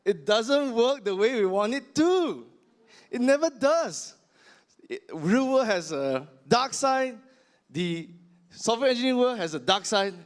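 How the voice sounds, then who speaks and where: A male stand-up comedian punches through his set in a loud, theatrical delivery, his fairly high voice swinging widely in pitch as he exaggerates each joke. He keeps a measured pace with a sing-song quality.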